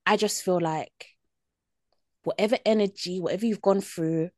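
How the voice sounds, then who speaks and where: A woman's voice: medium pitch, normal speed, darkish tone, no room sound, studio quality. A woman, co-hosting a podcast and telling stories in a laid-back way with many fillers. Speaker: podcast co-host. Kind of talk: casual chat.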